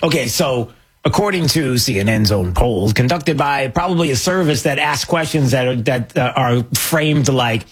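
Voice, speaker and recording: A man hosting an opinion commentary show, talking in a sarcastic, mocking and animated way. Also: medium pitch, moderate pace, breathy edge.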